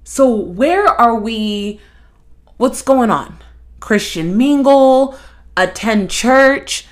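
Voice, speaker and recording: A young woman hosting a podcast, talking in a blunt, profane, animated monologue. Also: fairly high pitch, extremely slow. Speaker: podcast host. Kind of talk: casual monologue.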